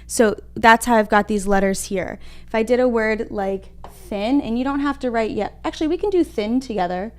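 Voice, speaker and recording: A young woman teaching a livestreamed phonics lesson to small children, encouraging them and sounding out letters slowly and clearly at a whiteboard. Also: a little high, a little mellow. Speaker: kindergarten reading teacher. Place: home room at a whiteboard.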